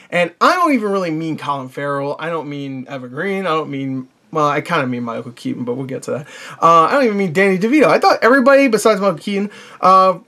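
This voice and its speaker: A man's voice: sits high, a bit bright. A man giving a casual spoken movie review in a rambling, chatty way, with many fillers and restarts, blunt and informal, sometimes swearing.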